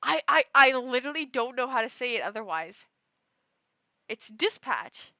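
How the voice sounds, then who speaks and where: A woman's voice: a little high, lively intonation, normal speed, bright, forceful tone, no room sound. A young woman livestreaming, chatting casually in a rambling way, full of fillers and restarts. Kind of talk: casual chat.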